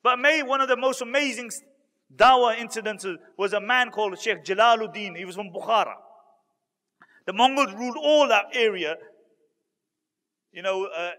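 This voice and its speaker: A man's voice: high voice, pushed and bright. A man preaching a storytelling sermon to a live audience, acting out the words of the people in his stories. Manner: dramatic storyteller acting out quoted speakers. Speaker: Islamic preacher. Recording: long hall reverb.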